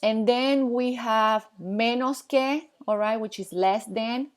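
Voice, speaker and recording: A woman teaching a Spanish grammar lesson in English. She explains patiently, pauses while she writes on the board and keeps checking in with her students. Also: fairly high pitch. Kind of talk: classroom lesson at a whiteboard.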